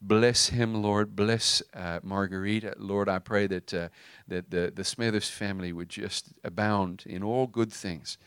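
A man leading a spoken prayer as pastor, earnest and halting with fillers. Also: lowish voice, steady tone, a bit bright, clean tone, no room sound.

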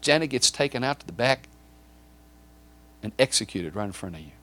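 A man's voice: mid-range voice, expressive, brisk, sharp tone. A man preaching a sermon, acting out a scene in vivid detail and often repeating or stumbling over words as he builds it. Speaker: pastor.

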